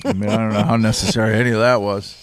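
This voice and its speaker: A man guesting on a comedy podcast, trading crude jokes in a deadpan, matter-of-fact way. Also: on the low side, racing, dry recording. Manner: deadpan, matter-of-fact about absurd lewd claims.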